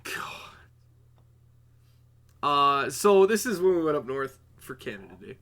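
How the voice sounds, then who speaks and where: A young adult man co-hosting a podcast, sounding very tired, telling a story in a laid-back, drawn-out way. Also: on the high side, big pitch swings, a bit bright. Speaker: podcast co-host. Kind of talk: casual storytelling chat.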